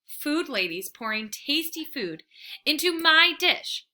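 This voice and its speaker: A woman reading a children's book aloud in an expressive, animated way. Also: high voice, slow pace. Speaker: read-aloud storyteller.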